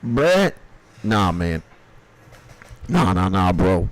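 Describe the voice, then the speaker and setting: A man's voice: medium pitch, animated, measured pace, long pauses. A man on a stream, telling a rambling, profane anecdote with bursts of laughter in casual storytelling.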